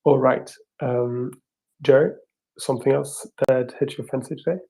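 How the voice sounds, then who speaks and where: A man hosting a casual live audio chat, speaking English as a second language in a rambling, halting, self-deprecating way. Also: mid-range voice, fairly even intonation, creaky, dark tone, low-quality recording. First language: not English. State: tired, up at four in the morning. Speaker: host.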